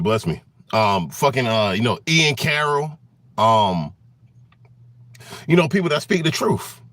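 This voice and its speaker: A man's voice: medium pitch, fairly bright tone, no echo. A man giving an angry political rant, swearing often and restarting his sentences with many fillers. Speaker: political commentator.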